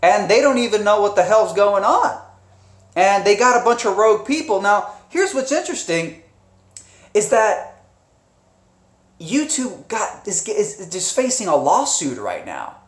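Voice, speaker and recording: A man's voice: high voice, big pitch swings, unhurried. Rambling man streaming live in an echoey room. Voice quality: rambling, with frequent restarts and profanity. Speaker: live streamer and channel host. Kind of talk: casual live-stream commentary. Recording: roomy echo.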